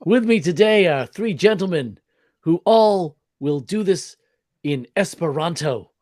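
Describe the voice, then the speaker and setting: Guy putting on a hammy space captain voice, slow dramatic pauses, bit high. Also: lively intonation, darkish tone, no room sound, studio quality. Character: male starship captain impression, grandly halting.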